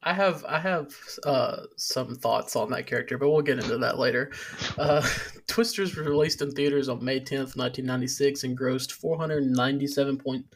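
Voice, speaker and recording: A man's voice: mid-range voice, moderate pace. A man hosting a movie podcast, talking in a hesitant way full of fillers and restarts. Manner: hesitant, filler-heavy, chuckles. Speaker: podcast host. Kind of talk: casual chat.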